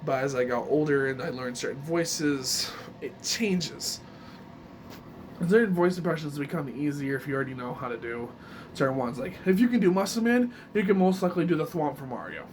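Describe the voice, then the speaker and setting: A man's voice: a little high, animated, normal speed, a little hiss or hum. A man explaining voice impressions in a casual, rambling way, often restarting his sentences. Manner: rambling, self-correcting mid-sentence. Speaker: voice impression tutor. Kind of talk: casual video tutorial.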